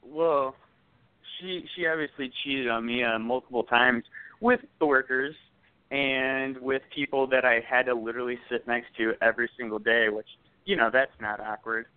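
A young man tells stories on a podcast, laughing through them and swearing freely. His voice is smooth and clear but sounds thin and phone-like, close and dry with no room sound. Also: mid-range voice, fairly even intonation, moderate pace, dry recording. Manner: laughing while telling stories, profane. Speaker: podcast co-host. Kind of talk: casual storytelling chat.

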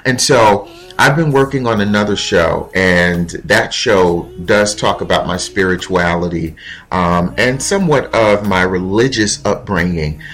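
A man hosting his own show, talking in a reflective, heartfelt monologue with pauses and fillers. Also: low voice, fairly bright tone. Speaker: podcast host.

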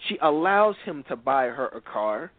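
A man's voice: medium pitch, big pitch swings, normal speed, no echo. A man hosting a radio talk show, giving blunt, preachy, emphatic commentary. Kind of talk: opinionated commentary on reality TV. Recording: tinny phone-like radio sound.

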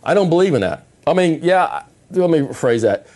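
A middle-aged man preaching in a calm, plain-spoken conversational way, often repeating himself and restarting phrases. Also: on the high side, normal speed. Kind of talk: conversational sermon.

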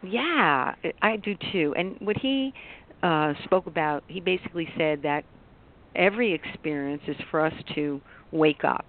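A woman coach on a radio talk show, telling a personal story in an animated, rambling way with bursts of excitement. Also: low-pitched, moderate pace. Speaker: life coach guest. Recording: tinny phone line.

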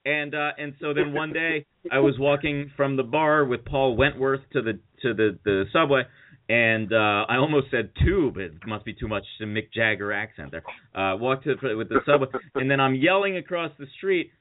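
A man's voice: medium pitch, normal speed. A man hosting a podcast, telling rambling anecdotes in casual chat. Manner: rambling, animated storytelling with quoted voices. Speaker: podcast host. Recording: tinny phone-like sound.

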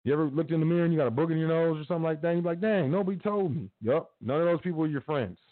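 Talking very fast in a somewhat high voice, a man preaches casually as a podcast host giving a motivational talk. The urging is repetitive, and the sound comes through tinny, like a phone line.

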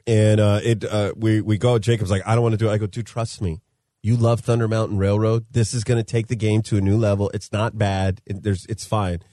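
A man's voice: on the low side, little pitch movement, fairly quick, mellow, no room sound, clean studio sound. A man co-hosting a podcast, telling a story in casual chat, laughing mid-sentence and acting out what people said. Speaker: podcast co-host.

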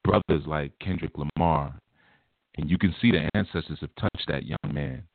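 Man doing a gushing spiritual guru, hushed and low, dreamy, tinny dry phone line. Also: moderate pace, creaky, no echo, heavily acted. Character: soft-spoken flattering spiritual guru man.

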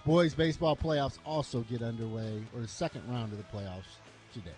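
Brisk male sports radio host. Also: medium pitch, lively intonation, over music. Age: over 40. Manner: brisk, reads scores and rundowns. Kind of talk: morning sports radio talk.

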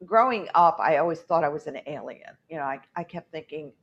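A woman with a low, gravelly voice chats casually as a podcast host, rambling through anecdotes and acting out the quotes. The audio is muffled and lo-fi. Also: expressive, fairly quick. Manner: rambling, storytelling with acted-out quotes. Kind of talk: casual chat.

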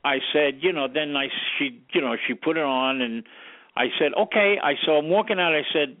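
An older man, a guest sound engineer, telling an animated anecdote and acting out the lines he quotes. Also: fairly high pitch, brisk, no room sound. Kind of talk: storytelling anecdote. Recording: tinny phone line, dry.

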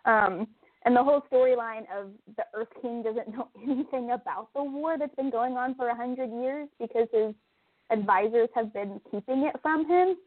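Animated woman on a tinny phone-like line. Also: fairly high pitch, normal speed, no echo. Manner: animated, laughs often, gets heated and emphatic. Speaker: podcast co-host. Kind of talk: casual chat.

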